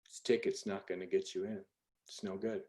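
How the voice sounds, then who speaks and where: A man doing a gruff big bouncer. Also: low-pitched, flat delivery, fairly quick, mellow, voice pushed down. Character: big burly Irish male ticket taker, gruff.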